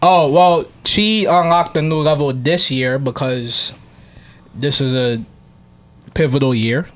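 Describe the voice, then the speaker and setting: A man co-hosting a podcast in relaxed, slangy chat, often answering in short agreeing words. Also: mid-range voice, takes it slowly. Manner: laid-back, short agreeing replies, slangy. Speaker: podcast co-host. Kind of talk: casual chat.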